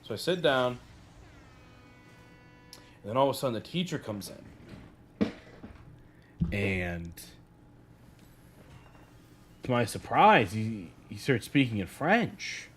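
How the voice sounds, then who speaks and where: A young adult man telling a casual story, animated and peppered with "like". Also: mid-range voice, takes it slowly, pauses often, soft background music. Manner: animated, heavy use of "like". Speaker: streamer.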